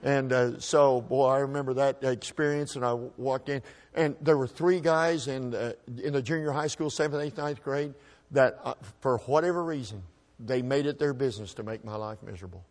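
Man, folksy storyteller, middle pitch, halting, repeats words, speaking at a microphone. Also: a little mellow. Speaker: speaker telling a personal story. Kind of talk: personal storytelling to an audience.

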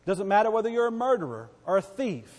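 A man delivers a church sermon in a somewhat raised voice, hammering phrases again and again. He swings from ringing cries down to hushed, quieter asides. His voice carries a long reverb, as in a sanctuary. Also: high voice, big pitch swings, quick pace. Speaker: preacher.

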